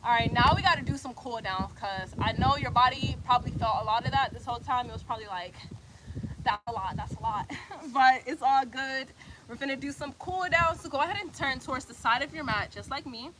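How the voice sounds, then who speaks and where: A woman's voice: high voice, brisk, background noise. A woman guiding a yoga class, cueing breaths and poses while doing them herself, a little out of breath, encouraging and casual. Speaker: yoga instructor.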